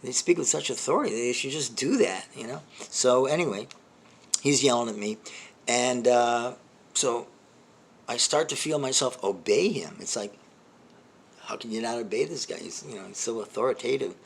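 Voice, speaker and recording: A man's voice: medium pitch, moderate pace, creaky, breathy edge. An older man and comedy host telling a long personal story in a rambling, self-deprecating way, with many restarts and asides. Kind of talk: storytelling monologue.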